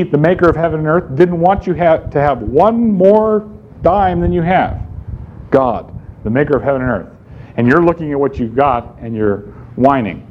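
Here the preacher's voice sits on the high side and sounds warm. He delivers his sermon with emphasis, raising questions only to answer them himself, on a somewhat dull recording carrying faint room noise.

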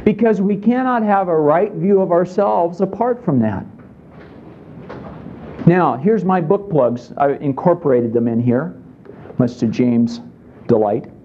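A man's voice: on the high side, animated, measured pace, long pauses, dull audio, slight background noise. A man preaching a sermon in a conversational way, often asking his listeners questions. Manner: conversational, asks the congregation questions. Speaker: pastor.

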